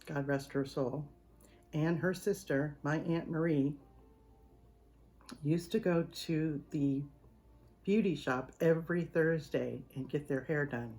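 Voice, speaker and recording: A woman's voice: low-pitched, takes it slowly, long pauses, a little mellow. A middle-aged woman with a Southern US accent, hosting a cooking channel and telling a chatty story to the camera while laughing through it.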